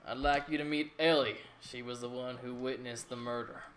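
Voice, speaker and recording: A man's voice: mid-range voice, fairly even intonation, normal speed, a bit bright, slight background noise, close to an everyday voice. A man voicing a plump, genial middle-aged male city governor with a country accent, courteous and hearty. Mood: inviting. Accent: American Southern country accent.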